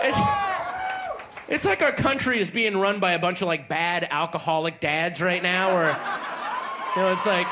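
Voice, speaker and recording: A man's voice: sits high, moderate pace, pauses often, noisy background. A man doing stand-up, ranting in a stumbling, mock-confused way on a live club recording. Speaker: stand-up comedian.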